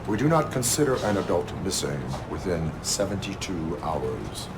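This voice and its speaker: A stiff, formal cyborg police officer with a very low, flat, machine-like delivery. He sounds clipped and measured. Steady background noise runs under the game audio. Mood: stern. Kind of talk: video game voice acting.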